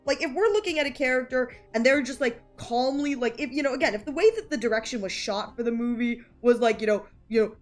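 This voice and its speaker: Woman, streamer, casual rambling chat, filler-heavy, giggly, fairly high voice, faint background music. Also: quick pace, hardly any pauses.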